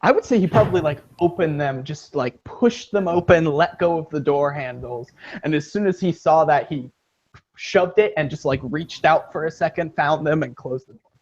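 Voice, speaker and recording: A man's voice: fairly high pitch, normal speed, darkish tone. A man playing his character in a tabletop game, playful and often laughing. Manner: playful, laughing between lines. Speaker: player. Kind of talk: casual tabletop role-play. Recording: dull lo-fi recording.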